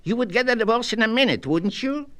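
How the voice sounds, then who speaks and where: A man's voice: very high voice, animated, fast, fairly bright tone, voice pushed up. A man voicing a fretful married man who pleads and protests as he asks for advice, in a storybook reading. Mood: agitated. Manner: agitated, pleading and indignant.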